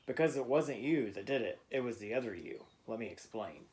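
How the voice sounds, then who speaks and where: A man narrating a bedtime story to a child in a gentle, playful way. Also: medium pitch, expressive, fairly quick.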